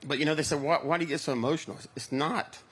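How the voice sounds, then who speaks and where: A man's voice: a little high, very fast, a bit bright, breathy edge. A middle-aged man, a pro angler, speaking emotionally and from the heart on an outdoor stage.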